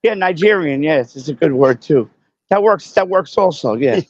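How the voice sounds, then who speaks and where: A man's voice: fairly high pitch, animated, moderate pace, no room sound. A man from Brooklyn chatting casually on a live stream as he walks the city streets, boisterous and profane, laughing often. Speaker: guest streaming while walking. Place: outdoors on city streets, walking. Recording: muffled live-stream audio.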